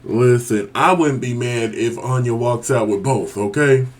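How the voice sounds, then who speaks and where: A man co-hosting a casual TV review chat, animated and laughing often, acting out his own reactions in big exaggerated bursts. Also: mid-range voice, unhurried. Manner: laughs often while talking. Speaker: co-host of a TV review show.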